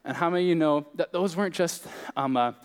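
A man's voice: a little high, fast, clean tone, long reverb tail. A young man preaching a sermon as pastor, in a casual, joking, conversational way.

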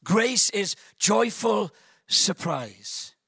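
A male preacher delivers a lively, joke-filled sermon to a church congregation. His voice is bright and slightly husky, and the recording is dry and close. He stammers and restarts as he gets carried along by his story. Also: high voice, very slow, dry recording. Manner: animated, jokey, stammering restarts. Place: church service.

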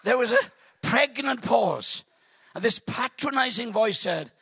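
A man preaching a sermon in a church service, telling a funny story in an animated, joking way with stammering restarts. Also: very high-pitched, measured pace, gravelly, breathy edge, no room sound.

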